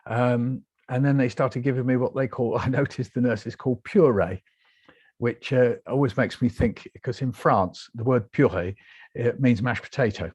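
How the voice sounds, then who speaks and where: A British man, a guest author, telling his story in a lively interview and acting out the voices he quotes. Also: medium pitch, normal speed, husky, dry recording. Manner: animated, acts out quoted voices.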